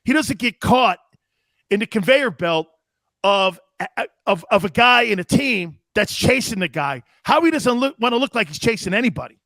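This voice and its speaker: Brash, animated male sports-talk commentator with a high voice; punchy, rhetorical delivery. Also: moderate pace, no echo, clean studio sound. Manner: animated, emphatic, rhetorical questions.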